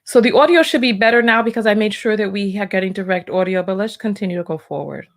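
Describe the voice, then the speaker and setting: A woman hosting a reaction video, flustered and stammering as she pauses and sorts out her audio. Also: medium pitch. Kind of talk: casual reaction commentary.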